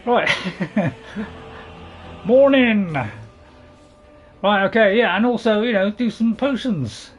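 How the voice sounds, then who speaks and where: A man's voice: high voice, moderate pace, few pauses, soft background music, low-quality recording. A man giving casual gameplay commentary, rambling and correcting himself with chuckling asides. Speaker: gaming channel host.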